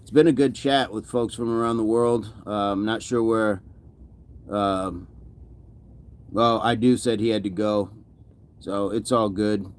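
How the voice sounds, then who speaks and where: A man's voice: lowish voice, steady tone, measured pace, pauses often. Upbeat man chatting on a livestream. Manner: upbeat and chatty, laughs often, greets viewers by name. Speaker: fitness livestream host. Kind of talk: casual livestream chat reading viewer comments.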